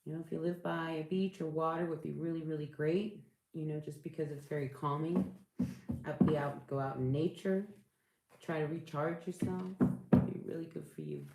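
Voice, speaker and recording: A woman's voice: low voice, fairly even intonation, normal speed, mellow, roomy sound. A woman doing a casual tarot reading, rambling and searching for words, reassuring her listeners. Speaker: tarot reader.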